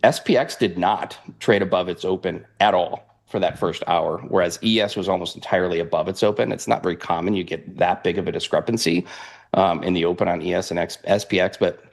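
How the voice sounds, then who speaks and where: A man talking through futures charts in a rambling, animated way, laughing often. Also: low voice, fairly quick. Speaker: futures trader guest. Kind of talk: casual market analysis chat.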